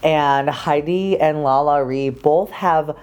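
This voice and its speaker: A man's voice: fairly high pitch, slow, darkish tone, clear, resonant tone. A man hosting a casual recap chat as a drag queen, gossipy and blunt, swearing freely and laughing often. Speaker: drag queen podcast host.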